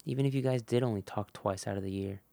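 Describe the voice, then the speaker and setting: A man hosting a motivational podcast, talking earnestly and directly to the listener, swinging between loud emphasis and hushed moments and acting out bits of dialogue. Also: fairly low pitch, gravelly, no room sound. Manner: acts out quick snippets of dialogue. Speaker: podcast host. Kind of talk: motivational monologue.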